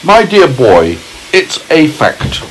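Storybook earthworm, male, boastful know-it-all, voiced by a father reading aloud, slow and lively in pitch. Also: a little hiss or hum, exaggerated voice, low-quality recording. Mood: proud. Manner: proud, lecturing storybook voice. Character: proud, chatty male earthworm.

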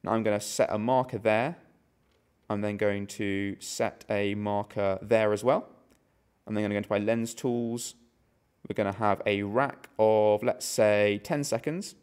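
A man's voice: on the low side, fairly even intonation, unhurried, a little mellow, smooth. A man giving a hands-on tech tutorial as a product demonstrator, explaining each step steadily as he goes.

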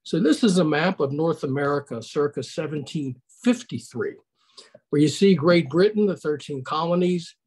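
A man's voice: on the high side, normal speed, darkish tone, husky. An older man giving a conversational online history lecture over a video call, putting questions to his audience.

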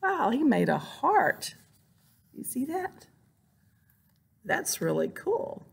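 A woman reading a picture book aloud to children as a librarian, animated, exclaiming and making sound effects. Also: high voice, slow, gravelly, slightly rough.

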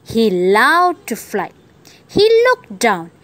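A woman teacher reading a children's story aloud to young kids in a slow, encouraging voice. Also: on the high side, very animated, a bit bright. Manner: slow, sing-song, encouraging.

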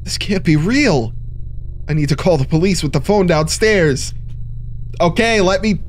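A man's voice: sits high, animated, measured pace, faint music behind. A man joking sarcastically through a let's play commentary. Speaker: gamer.

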